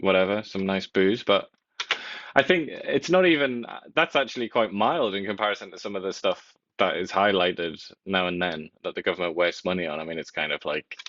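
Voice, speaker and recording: Wry low-voiced male co-host. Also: brisk, a bit bright, lo-fi sound. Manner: wry, dryly joking. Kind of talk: casual political chat.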